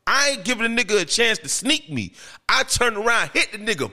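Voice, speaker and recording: Animated man telling stories. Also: sits high, a little fast. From Miami, Florida. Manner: animated, profane, emphatic storyteller. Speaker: podcast host. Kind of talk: casual storytelling chat.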